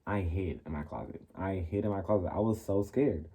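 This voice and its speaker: A young man vlogging, telling a school story in a casual, sassy, animated way and acting out what people said. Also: deep voice, brisk, breathy edge. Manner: animated, sassy, acts out quoted lines.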